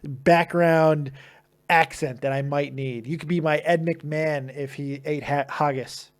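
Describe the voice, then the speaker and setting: A man's voice: on the high side, fairly even intonation, normal speed. A man hosts a live call-in stream with a slightly raised, easygoing voice. He swears freely, laughs often and trips over his own words as he rambles. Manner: profane, laughing, rambling with restarts. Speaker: host of a live call-in show. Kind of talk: casual live-stream chat.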